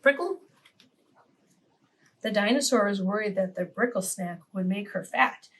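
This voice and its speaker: A woman reading a picture book aloud to preschool children, animated and pausing to ask her young listeners questions. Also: mid-range voice, slight background noise. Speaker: children's story reader.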